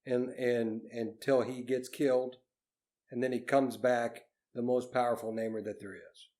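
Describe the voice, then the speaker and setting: A man's voice: medium pitch, flat delivery, unhurried, darkish tone. A man co-hosting a podcast, tentatively working through his ideas with frequent restarts. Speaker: podcast co-host. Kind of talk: casual podcast discussion.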